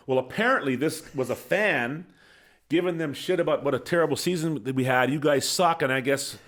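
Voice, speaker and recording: Guesting on a podcast, a middle-aged former hockey coach tells a lively, animated anecdote into a studio microphone, laughing at his own story and acting out what people said. His voice runs on the high side at a moderate pace.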